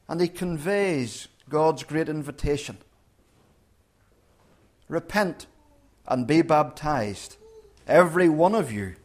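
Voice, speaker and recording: A man preaching a sermon, who acts out the crowd's and Peter's words with dramatic rises and falls. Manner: dramatic, acts out quoted voices with big swings in pitch.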